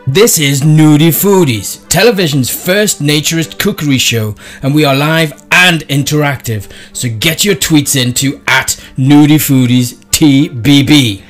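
Male sketch comic, unhurried, playing a breezy presenter. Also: fairly high pitch, faint music behind. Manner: mock-chirpy TV presenter. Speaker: comedy sketch performer. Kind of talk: sketch comedy.

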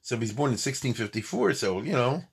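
A man's voice: medium pitch, lively intonation, a little fast, gravelly, husky. A man giving an informal lecture on history, chatty and digressive, often checking in with his listeners.

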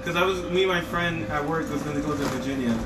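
A man's voice: fairly high pitch, quick pace, very noisy. A man in a casual group podcast chat, sounding skeptical and complaining.

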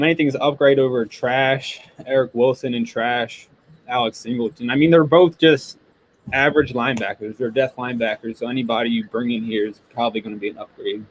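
A man's voice: medium pitch, fairly even intonation, a little fast, low-quality recording. A man co-hosting a casual sports podcast, blunt and profane, often laughing. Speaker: podcast co-host.

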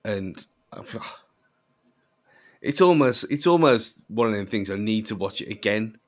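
Relaxed guy, laughing through his points, lower pitch. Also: a little slow. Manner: laughs often, easygoing. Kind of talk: casual chat.

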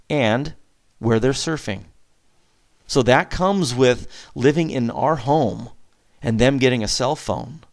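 A man in his forties giving casual parenting advice as a father, animated, chuckling often and jumping up in pitch on questions. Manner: animated, acts out back-and-forth with his kids, chuckles often; pitch jumps up sharply on questions and emphasis.

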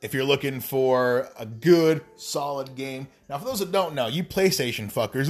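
A man's voice: medium pitch, moderate pace, few pauses. A man talking straight to his audience in a casual, rambling monologue, swearing freely and tossing in wry asides. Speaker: gaming vlogger.

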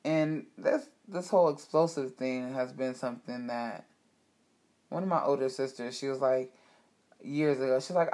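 A woman's voice: extremely low pitch, moderate pace, darkish tone. Woman, host talking to viewers, heartfelt, emphatic, frank, personal storytelling. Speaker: host speaking to her audience. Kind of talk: candid personal monologue.

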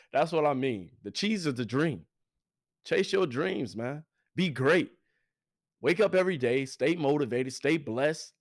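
A man's voice: fairly high pitch, no echo, clean studio sound. A young man, hosting a podcast with hyped, preachy, repetitive motivational talk. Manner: hyped, preachy, repeats himself. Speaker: podcast host.

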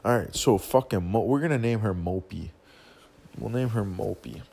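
A man's voice: lowish voice, normal speed, creaky, mellow, slightly rough. A young man telling a long personal story as a casual rant, rambling, swearing constantly and full of slang.

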